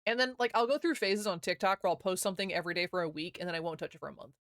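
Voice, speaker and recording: A woman in her thirties streaming, chatting casually with viewers, giggling often and talking quickly. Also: fairly low pitch, a bit bright, no room sound, studio quality.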